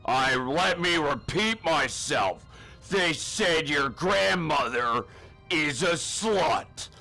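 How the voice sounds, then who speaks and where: A man playing a gruff, bullying male drill sergeant in a comedy spoof, barking crude insults at a recruit. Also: on the high side, expressive, drawn-out words, bright, forceful tone, faint music behind, full character voice.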